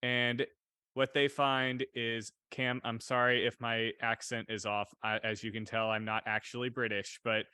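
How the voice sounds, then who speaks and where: A man's voice: mid-range voice, flat delivery, measured pace, sharp tone, smooth, dry recording. A man, a dungeon master, recounting a campaign story in a casual chat.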